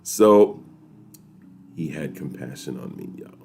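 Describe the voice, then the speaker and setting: A man from New York, hosting a weekly chat and telling a story to viewers in a lively, laughing way. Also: extremely low pitch, slow pace, faint music behind. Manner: animated, laughing, talks straight to viewers.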